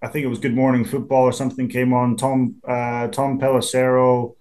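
A man in his twenties with a Scottish accent, a pro football punter chatting in an interview, relaxed and quick to laugh. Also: mid-range voice. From Scotland. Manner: laid-back, chatty, laughs easily, many restarts. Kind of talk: casual interview.

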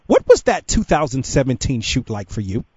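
A man's voice: mid-range voice, huge pitch swings, moderate pace, darkish tone, husky, no room sound, dull audio. A male sports radio host interviewing a guest, his questions rambling and restarting.

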